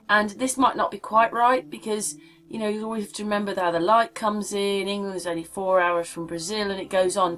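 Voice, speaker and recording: A woman vlogger talking casually and meanderingly while showing maps, often asking the viewer what they think. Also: medium pitch. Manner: chatty, meandering, asks the viewer questions. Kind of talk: casual rambling commentary over maps.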